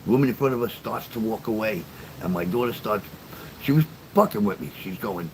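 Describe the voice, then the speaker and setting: On a livestream, an older man with a lowish, slightly fast voice tells stories and chats casually with viewers, blunt and profane. The recording is low quality, with slight background noise.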